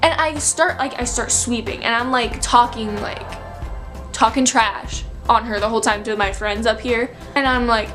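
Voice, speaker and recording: A woman's voice: on the high side, normal speed, over music. A young woman in her late teens telling a storytime vlog in a chatty, filler-heavy, breathless way. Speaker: vlogger.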